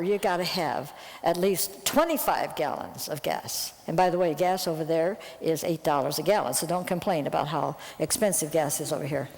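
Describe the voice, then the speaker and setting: Missionary lady telling a story to a crowd, voice shoots way up when she gets to the mad parts, long echo of a big hall. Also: lowish voice. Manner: lively storyteller, voice jumps up when telling of anger. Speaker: missionary Bible translator. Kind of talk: storytelling testimony to an audience.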